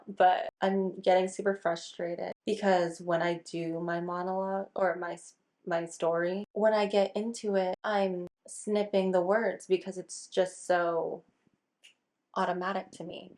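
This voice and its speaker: A woman's voice: mid-range voice, little pitch movement, unhurried, darkish tone, low-quality recording. A young woman vlogging casually, chatty and self-conscious, clipping her words short. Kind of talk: casual vlog talk. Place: home kitchen, then car.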